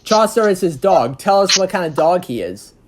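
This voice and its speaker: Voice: medium pitch, expressive, normal speed. An interviewer hosting a casual chat about a fan production, rambling and restarting sentences. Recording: noisy background hiss.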